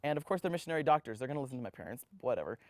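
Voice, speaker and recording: A young man in his twenties telling his life story in an interview, animated and full of restarts, acting out the voices of others. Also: medium pitch, racing, no echo. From United States. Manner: animated, acts out quoted voices, frequent restarts.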